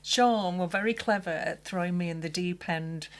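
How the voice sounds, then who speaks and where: Barnsley woman, lower register, talkative podcast guest. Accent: Barnsley, South Yorkshire. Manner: chatty, quick, trails into asides. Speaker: guest, special effects makeup artist. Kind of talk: casual chat.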